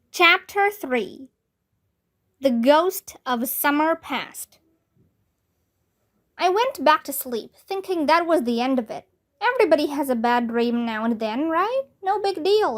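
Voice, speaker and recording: Woman reading a kids book out loud, high voice, slow and clear. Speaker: storybook reader. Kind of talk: children's book read-aloud.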